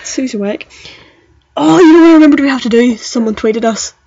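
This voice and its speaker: A woman's voice: high-pitched, a little fast, mellow, husky, no echo. Chatty young woman. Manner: chatty, self-deprecating, playful. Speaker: podcast co-host. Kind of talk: casual chat. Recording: dull lo-fi sound.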